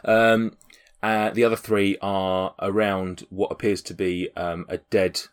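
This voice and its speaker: A man's voice: low voice, level tone, a little slow, clear, resonant tone. A man running a tabletop game, narrating hesitantly with many fillers. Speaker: game master.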